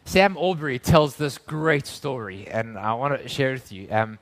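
A man preaching a sermon in church, earnest, building to emphatic lines and then dropping to hushed tones. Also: mid-range voice, normal speed.

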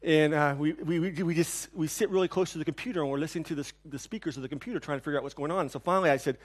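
A man preaching a sermon, telling a personal story with lively, animated delivery that drops to hushed, somber tones. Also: on the high side, racing. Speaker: pastor.

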